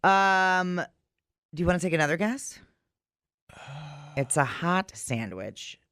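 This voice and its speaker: A man's voice: high voice, very animated, slow, pushed and bright, clear, resonant tone, no room sound, studio quality. A man co-hosting morning radio who teases his partner and quizzes him. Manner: teasing, quizzes his co-host. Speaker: radio co-host.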